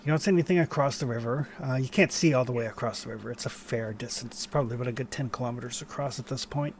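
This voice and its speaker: A man's voice: mid-range voice, racing, slight background noise. A man narrating a tabletop role-playing game as game master, in a loose, rambling way full of fillers.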